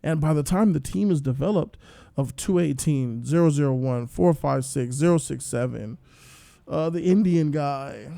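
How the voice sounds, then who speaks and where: A man tells the story of a show in a casual, slangy review, with plenty of energy in his delivery. His voice is gravelly and dark, a little higher than most men's, and it sits in a dry, close recording. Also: moderate pace, dry recording.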